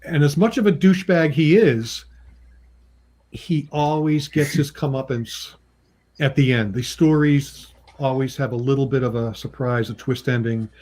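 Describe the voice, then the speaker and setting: A comic book writer and artist, appearing as a guest, tells casual anecdotes in an unhurried, slightly mellow voice. He's chatty, laughs often between remarks, and acts out what people said to him with jumps in pitch.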